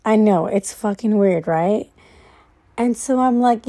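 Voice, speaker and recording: A woman talks slowly through a late-night reflective monologue while lying in bed. Her voice is warm and mellow, and her manner is loose and rambling, with casual swearing as she works through her thoughts. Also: mid-range voice.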